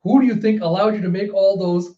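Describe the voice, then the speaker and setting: A man's voice: sits high, steady tone, fairly quick, dark tone, pitched above the performer's own voice, natural voice. A man voicing a scheming older male shogun with a raised, affronted delivery, in a roomy, slightly dull recording. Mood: indignant.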